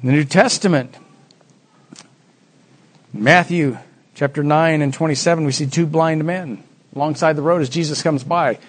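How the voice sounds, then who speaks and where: Dramatic preacher, lively pitch. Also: male voice, normal speed, long pauses. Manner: dramatic, acts out the Bible voices with big pitch swings. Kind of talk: sermon.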